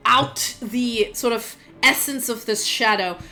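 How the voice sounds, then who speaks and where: A woman's voice: fairly high pitch, slow pace, bright, forceful tone. A woman narrating as game master of a tabletop role-playing game, describing scenes in a chatty way with plenty of filler words.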